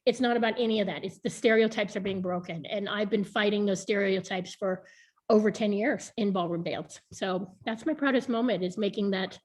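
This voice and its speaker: In a relaxed video call interview, a woman in her thirties who sits on a board recalls her past openly, often breaking into laughter. Her mid-range voice is a little fast and a little mellow.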